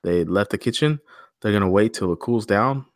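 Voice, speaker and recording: A man's voice: fairly low pitch, normal speed, no room sound, clean studio sound. Joking man co-hosting a crypto podcast. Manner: jokey, profane, reads news quotes aloud. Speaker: podcast co-host. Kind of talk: casual chat.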